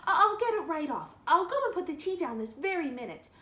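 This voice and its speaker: A woman's voice: high voice, sing-song, normal speed. A woman voicing a dreamy, dramatic young girl who chatters theatrically. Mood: pleading. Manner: breathless, theatrical storytelling. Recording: roomy echo.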